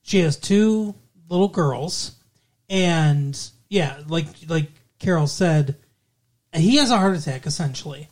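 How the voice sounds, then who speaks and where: A man's voice: fairly high pitch, animated, slow pace. A man co-hosting a podcast, chatting casually and rambling about a movie, with casual swearing. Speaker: podcast co-host. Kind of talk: casual movie review chat.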